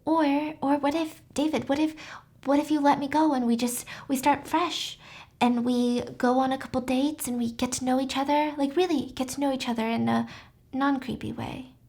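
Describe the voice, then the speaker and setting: A woman's voice: high voice, steady tone, moderate pace, darkish tone. A woman voicing a desperate, manipulative young woman patient in a casually retold story, speaking in a pleading, persuasive way.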